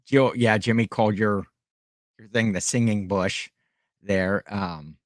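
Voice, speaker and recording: A man's voice: fairly low pitch, a little slow, dry recording, clean studio sound. A man hosting a casual livestream, rambling in a friendly way and chatting with his viewers. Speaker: livestream host and online reseller.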